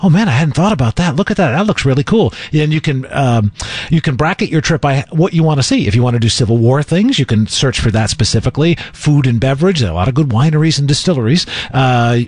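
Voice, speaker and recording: Quick chatty radio co-host. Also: male voice, medium pitch, animated, darkish tone, no echo. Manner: chatty, enthusiastic. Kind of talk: casual radio chat. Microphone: studio microphone.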